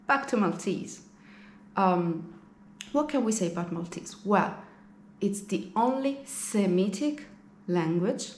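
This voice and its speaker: Woman, language host, unhurried and lowish voice, echoey room, faint ambience. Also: slight background noise. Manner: friendly, explanatory, rhetorical questions. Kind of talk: educational talk to camera.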